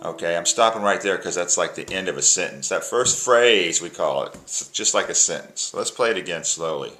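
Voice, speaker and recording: Low-voiced man teaching a tune. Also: lively intonation, fairly quick, loud music behind the voice. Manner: counts beats aloud, breaks tunes into phrases. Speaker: music teacher. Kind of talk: casual instrument lesson. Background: plucked string instrument playing.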